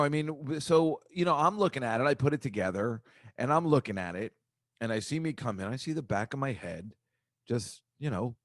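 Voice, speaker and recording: A man's voice: dry recording, studio quality. A man hosting his own podcast, rambling in a casual, self-deprecating comic monologue. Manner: rambling, self-deprecating, shifts pitch a lot. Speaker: podcast host.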